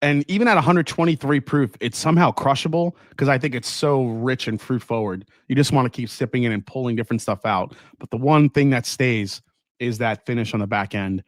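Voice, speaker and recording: A man hosting a casual whiskey livestream, reading viewer comments aloud and chatting in a relaxed, enthusiastic way. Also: mid-range voice, a little fast, dry recording, studio quality. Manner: relaxed, enthusiastic, laughs often. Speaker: whiskey channel host. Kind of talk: casual livestream chat, reading super chats.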